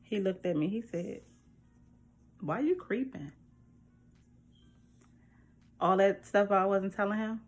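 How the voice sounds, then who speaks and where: Animated woman vlogger telling a story. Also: mid-range voice, normal speed. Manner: animated, chatty, speaks directly to viewers. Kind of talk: personal storytelling to camera.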